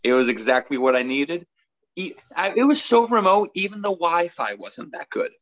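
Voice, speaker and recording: Man, podcast co-host, fairly high voice, relaxed anecdotal chat. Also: moderate pace, rough recording. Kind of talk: casual sports podcast chat.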